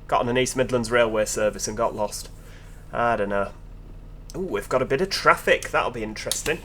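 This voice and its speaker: A man's voice: mid-range voice, big pitch swings, fairly quick, sharp tone, a little hiss or hum. A man giving casual, chatty commentary over gameplay, with joking asides to his viewers. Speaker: video game commentator.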